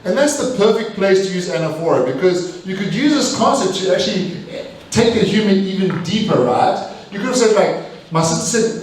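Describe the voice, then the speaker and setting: A man giving a live language evaluation at a speaking club, energetic and emphatic, often repeating phrases and correcting himself. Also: high-pitched, normal speed. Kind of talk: live speech evaluation to an audience. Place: meeting room with audience. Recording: echoey room, mic far off.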